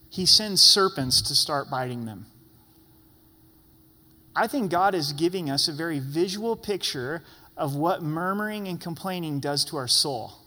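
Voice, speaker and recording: A man preaching a sermon in a lively way, playfully acting out grumbling voices. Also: on the high side. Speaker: pastor. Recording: long hall reverb.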